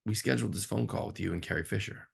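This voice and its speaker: A man, a film director, telling animated behind-the-scenes stories in a casual interview, jumping up in pitch when he acts out disbelief. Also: quick pace, creaky, slightly rough. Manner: animated storyteller, swings up sharply in pitch for incredulous reactions.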